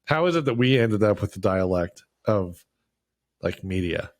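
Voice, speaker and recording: A middle-aged man with a Pacific Northwest accent, co-hosting a podcast in rambling, joking casual chat. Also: normal speed. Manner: rambling, joking, lively pitch. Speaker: podcast co-host.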